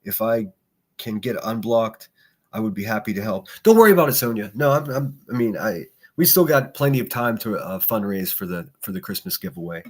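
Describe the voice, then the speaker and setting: A man's voice: fairly low pitch, normal speed. A man hosting a solo livestream podcast, reacting to clips with mocking, profane sarcasm. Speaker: podcast host.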